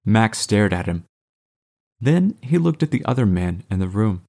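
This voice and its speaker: A male audiobook narrator with a low voice. He reads slowly and steadily, keeping the story even and clear.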